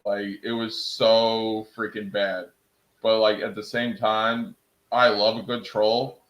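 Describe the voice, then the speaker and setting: A young man talks casually on a home live stream, rambling and excitable, often laughing at his own stories. His voice sits a little low for a man. The room around him is echoey and roomy. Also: slow pace.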